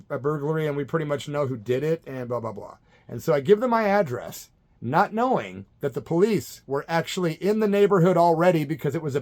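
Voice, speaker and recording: Animated man telling a wild story. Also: fairly high pitch. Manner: animated, acts out quoted voices, swears casually. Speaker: punk vocalist telling a story. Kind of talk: casual storytelling.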